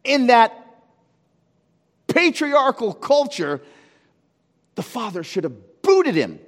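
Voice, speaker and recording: A male pastor preaching a sermon to his congregation, dramatic and full of rhetorical questions, swinging from near-shouting to hushed. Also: very high-pitched, sing-song, slow. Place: church. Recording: long reverb of a church hall.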